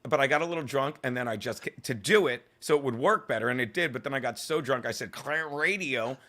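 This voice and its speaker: A male comedian telling rambling, profane stories in an interview. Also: mid-range voice. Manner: fast, swearing, animated storytelling. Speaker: comedian guest.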